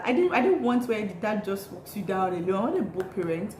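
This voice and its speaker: A woman's voice: mid-range voice, sing-song, fairly quick, few pauses, a little mellow. A young Nigerian woman vlogging in a bubbly, chatty way, laughing often as she tells a story. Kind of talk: casual chatty vlog. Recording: roomy echo, faint noise.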